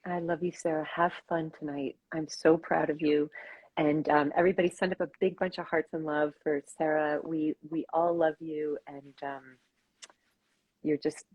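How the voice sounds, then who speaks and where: A woman's voice: sits low, level tone, moderate pace, slightly rough, no echo, muffled recording. A woman hosting a casual live-stream chat, effusive and rambling, over a video call. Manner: effusive, gushing, loose and rambling. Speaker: host.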